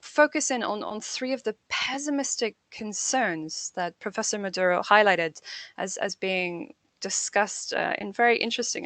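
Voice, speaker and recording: A woman giving an academic panel talk in a measured, thoughtful way, often repeating a phrase as she works toward her point. Her pitch sits in a middle range. The sound is dry and close, with no room echo. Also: a bit bright. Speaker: panel speaker.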